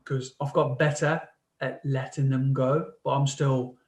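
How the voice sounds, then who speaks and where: A man's voice: mid-range voice, level tone, poor audio. A man in casual podcast chat, stumbling and restarting as he talks about himself. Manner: halting, stammering restarts. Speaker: podcast co-host.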